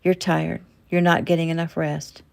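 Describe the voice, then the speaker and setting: A woman's voice: low voice, little pitch movement, moderate pace, vocal fry, darkish tone, clean tone. A woman voicing a firm, caring young doctor.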